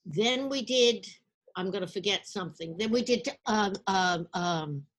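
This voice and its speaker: An older woman, an actress, recounting her past in a storytelling interview, lively and acting out the people she quotes. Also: mid-range voice, unhurried.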